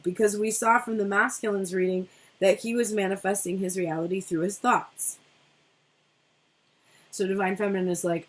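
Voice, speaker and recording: A woman's voice: medium pitch, steady tone, normal speed, pauses often. A middle-aged woman giving a casual tarot reading, chatty and rambling, who swears freely. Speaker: tarot reader.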